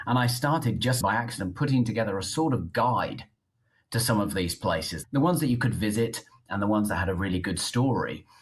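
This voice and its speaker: A middle-aged British man, a journalist and author, chatting on a video call interview and telling his story in a lively way. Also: lowish voice, fairly quick. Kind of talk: interview conversation.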